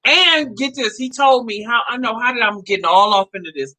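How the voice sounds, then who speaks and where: A woman in her fifties telling a personal story to her viewers in a casual, animated way, laughing often. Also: fairly high pitch, a little fast, rough recording. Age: 50s. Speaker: vlogger.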